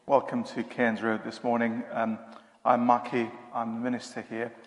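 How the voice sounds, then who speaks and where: Male minister, relaxed conversational sermon, roomy hall with long reverb. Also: mid-range voice, normal speed. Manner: conversational with frequent ums. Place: church hall. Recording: echoey church hall reverb.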